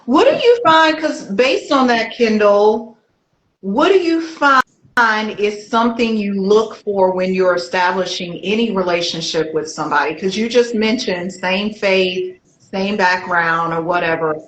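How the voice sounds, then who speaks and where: A woman's voice: medium pitch, lively intonation, a little slow, slight background noise. A woman hosting an interview show, asking long conversational questions. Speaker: podcast host. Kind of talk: casual interview talk. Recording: echoey room.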